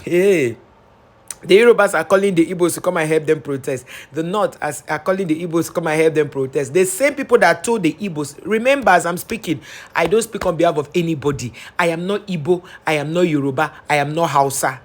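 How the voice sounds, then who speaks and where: Animated Nigerian man doing news commentary. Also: a little high, a little fast. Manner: animated, sarcastic, reads news reports aloud. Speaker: commentary vlogger.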